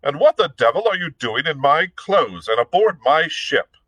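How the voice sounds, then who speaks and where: A man's voice: a little high, very animated, moderate pace, a bit bright, no echo, pitched above the performer's own voice, poor audio. A man voicing a proud, bewildered Spanish pirate captain, asking indignant, confused questions in a read-aloud story.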